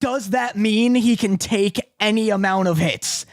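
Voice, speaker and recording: A young man co-hosting a podcast in casual chat, animated and jokey, close to the mic. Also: high voice, measured pace, dry recording. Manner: animated, jokey, slips into impressions. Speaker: podcast co-host.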